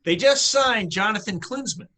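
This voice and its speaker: A man's voice: sits high, expressive, moderate pace, bright, forceful tone. A man co-hosting a casual sports podcast, talking in an emphatic, opinionated rant. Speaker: podcast co-host.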